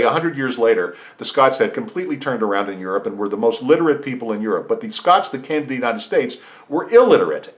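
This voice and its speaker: Speaking into a podcast microphone, this middle-aged host works through an opinionated monologue full of restarts and side comments. His mid-range voice has a fairly bright tone.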